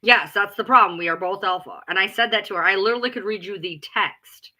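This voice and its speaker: Bright-voiced, blunt, profane woman. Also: medium pitch, quick pace. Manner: blunt, profane and emphatic, often repeating herself; loud, self-described alpha female. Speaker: live streamer. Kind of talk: casual ranting chat.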